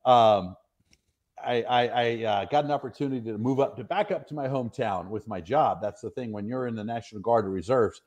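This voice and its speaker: A man's voice: mid-range voice, brisk, a little mellow. A middle-aged man from the northwestern United States, an interview guest chatting through long stories, rambling and self-deprecating with plenty of fillers. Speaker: interview guest, retired soldier. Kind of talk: casual storytelling interview.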